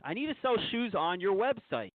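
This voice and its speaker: A man with a high voice calls into a radio show over the phone. He repeats himself insistently and keeps asking not to be interrupted. The line is tinny and dry. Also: big pitch swings, fairly quick, dry recording. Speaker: caller. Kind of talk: call-in phone conversation.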